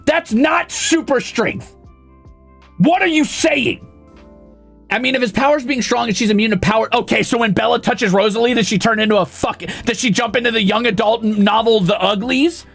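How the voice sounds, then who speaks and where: A man's voice: very high voice, moderate pace, creaky, fairly bright tone, breathy edge, faint music behind. A man streaming, ranting in an exasperated, profane and sarcastic way.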